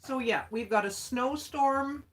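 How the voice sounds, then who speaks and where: A woman with a somewhat high voice chats through a livestream at her craft table. She talks in an unhurried way, dropping folksy exclamations and laughing often between sentences. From Alberta, Canada. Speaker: livestream host. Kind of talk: casual chat while crafting.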